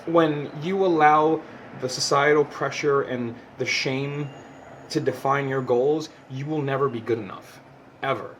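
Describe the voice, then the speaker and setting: A man's voice: mid-range voice, fairly even intonation, measured pace, a little hiss or hum. A young man giving a heartfelt personal monologue to camera, passionate and emotional, swearing often and tripping over repeated words. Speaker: vlogger.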